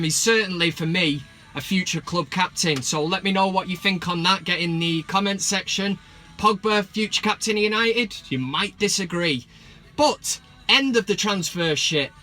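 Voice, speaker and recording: A man, ranting about football in a sarcastic, sweary, comic way. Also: high voice. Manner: sweary, sarcastic, bursts of mock excitement. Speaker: football vlogger. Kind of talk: casual comic rant.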